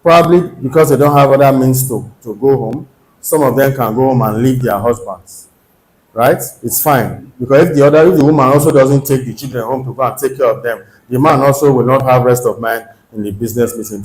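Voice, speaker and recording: A man's voice: mid-range voice, brisk, a little mellow. A man with a Nigerian accent preaching a sermon in church, earnest and exhorting, often pressing the congregation with rhetorical questions. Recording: echoey church hall.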